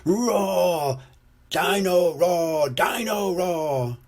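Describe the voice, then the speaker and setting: A man voicing a boisterous toy dinosaur that roars and sings a shouted, drawn-out chant. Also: high voice, animated, voice pushed up, full character voice. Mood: roaring chant.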